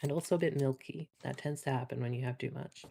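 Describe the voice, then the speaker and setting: A guest joining a streamer's voice call who talks bluntly and deadpan, tossing off crude jokes as if they were nothing. The voice sits at a middle pitch. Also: fast talker, gravelly, slight background noise. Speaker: guest on voice chat. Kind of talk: casual chat.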